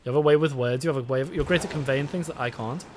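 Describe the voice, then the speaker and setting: A young British man with a mid-range, slightly mellow voice talks very fast while streaming a game. He chats casually with viewers, rambling and swearing, over slight background noise.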